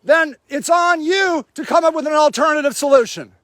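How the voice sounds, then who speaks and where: Brief: high-voiced angry man, dry close phone mic, yelling accusations at officials. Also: moderate pace, no room sound. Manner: shouting, furious, accusatory. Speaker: homeless advocate livestreaming. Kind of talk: angry confrontational livestream. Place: outdoor homeless camp in snow.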